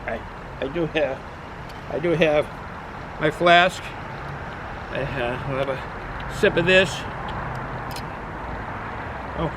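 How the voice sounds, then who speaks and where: Casual Boston-accented guy, a bit high-voiced, rambling outdoor beer review over clear traffic noise. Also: takes it slowly, long pauses. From New England, US. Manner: rambling, chatty, repeats himself with frequent fillers. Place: outdoors in cold weather.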